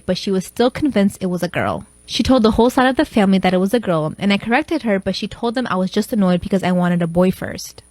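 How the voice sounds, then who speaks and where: A woman's voice: medium pitch, a little mellow, dry recording. A young woman who recently became a mother, telling a first-person storytime with blunt exasperation.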